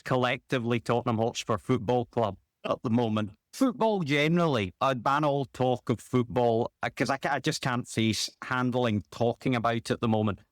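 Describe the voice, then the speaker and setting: A man with a mid-pitched voice, venting on a casual football podcast. He sounds weary and exasperated. The sound is dry and close. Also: moderate pace, few pauses, dry recording. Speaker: podcast guest.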